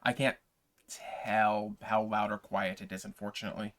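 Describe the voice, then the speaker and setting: A man's voice: on the low side, flat delivery, moderate pace, a bit bright. A man hosting a livestream, chatting casually and playfully with his viewers before a reading. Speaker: livestream host and reader.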